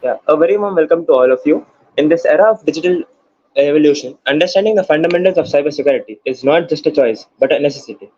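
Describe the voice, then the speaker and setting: A man's voice: fairly high pitch, expressive, fast, a little mellow. A man organizing the event, reading a formal, flowery speaker introduction over a video call. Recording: muffled video call with faint noise.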